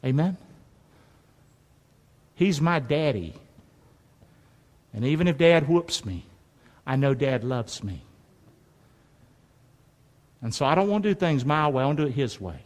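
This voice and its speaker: A man's voice: mid-range voice, animated, unhurried, long pauses, darkish tone. Pastor guy preaching, folksy, swoops way up and down, big church echo. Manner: folksy and emphatic, calls for response. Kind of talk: sermon. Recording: long reverb of a large hall.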